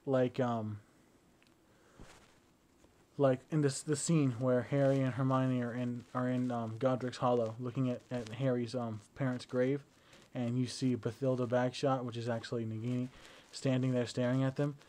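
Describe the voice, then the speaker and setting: A man's voice: medium pitch, level tone, moderate pace, dark tone, poor audio. A young man talking into his phone in a casual, rambling video diary addressed to his partner. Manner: rambling, chatty storytelling. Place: at home indoors.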